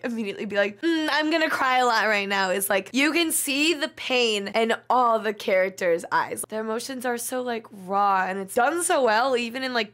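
Young woman, anime reaction host: bright, sharp tone, emotional and excitable, shrieks and laughs. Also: on the high side. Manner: emotional, swears, shrieks and laughs between lines.

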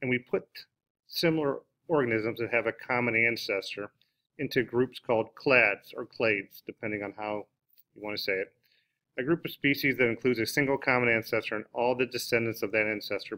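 A man's voice: medium pitch, pushed and bright. A man explaining biology in a recorded lesson, talking off the cuff with many fillers and restarts. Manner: unscripted explaining with frequent "uh" and restarts. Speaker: biology teacher. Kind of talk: recorded classroom lecture.

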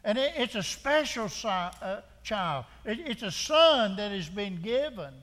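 A man's voice: high-pitched, lively intonation, unhurried, a bit bright, long reverb tail. A man preaching a sermon as pastor, driving home his point with repeated rhetorical questions and frequent restarts. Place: church sanctuary.

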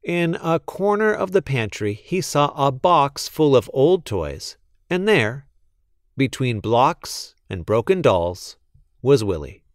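A man reading a children's picture book aloud in an expressive storytelling manner. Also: mid-range voice, takes it slowly, dry recording, studio quality.

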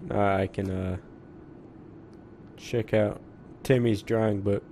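A man's voice: fairly low pitch, steady tone, takes it slowly, dark tone, a little hiss or hum. A man giving casual, crude, joking commentary over a video game, swearing often. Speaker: gameplay commentator. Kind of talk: casual let's play commentary.

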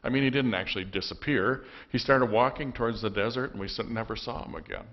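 A man's voice: mid-range voice, highs cut off, natural voice. A man voicing Andrew, an earnest young fisherman eager to follow a new teacher. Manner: earnest, halting, excited.

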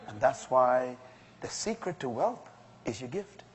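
A man's voice: mid-range voice, sing-song, measured pace, slight background noise. A male pastor delivering an emphatic sermon to a congregation, rising to strong exclamations. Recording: long hall reverb.

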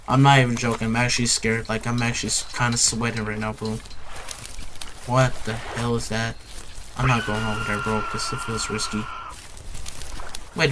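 A man's voice: medium pitch, a bit bright, a little hiss or hum. Jittery young man scared by a horror game. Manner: jittery, nervous, repeats himself, ends phrases with "bro". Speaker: gaming YouTuber. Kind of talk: casual horror game commentary.

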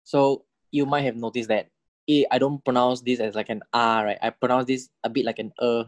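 A man's voice: steady tone, moderate pace, dry recording. Patient male language teacher, dry close sound. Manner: patient, checks understanding with repeated "correct?" and "okay?"; repeats example words several times with rising and falling pitch to model tones. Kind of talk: recorded lecture explaining Thai spelling and tones.

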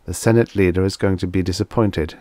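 A man's voice: low voice, fairly even intonation, fairly quick, dark tone, no room sound, close to an everyday voice. A man doing a grim, curt space commander. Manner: clipped, curt orders.

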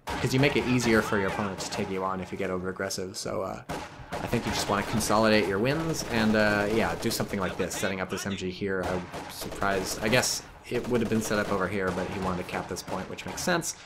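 A man's voice: lowish voice, quick pace, noisy background. A man casually commentating a strategy game replay, analytical and wry with frequent swearing. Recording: game music and gunfire behind.

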